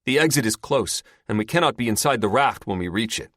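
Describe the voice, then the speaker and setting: Calm teenage boy, as a man reads him. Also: medium pitch, fairly quick, dry recording, clean studio sound, voice pushed up.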